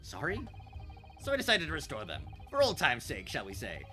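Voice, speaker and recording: A man's voice: medium pitch, huge pitch swings, fairly quick, sharp tone, soft background music. A man voicing a flamboyant, eccentric male detective who talks theatrically and laughs at his own teasing. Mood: gleeful teasing.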